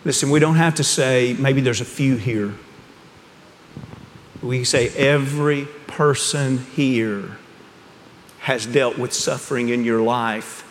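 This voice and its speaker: A man preaching a sermon, telling stories in a hushed voice that rises to fervent emphasis. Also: medium pitch, steady tone, unhurried, slight background noise. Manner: storytelling, swings from hushed to rising fervor. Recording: long hall reverb.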